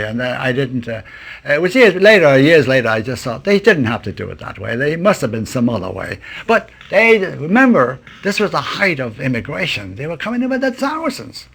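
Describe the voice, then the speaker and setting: Older man recalling immigration, gravelly voice. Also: medium pitch, a bit bright. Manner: reflective, halting, with restarts. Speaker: interviewee. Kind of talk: archival oral history recollection.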